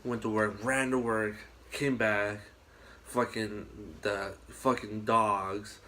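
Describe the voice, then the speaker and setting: Man, fairly low voice, casual podcast chat, rambling and animated, faint background hiss. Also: slow. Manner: rambling, animated storytelling with frequent swearing.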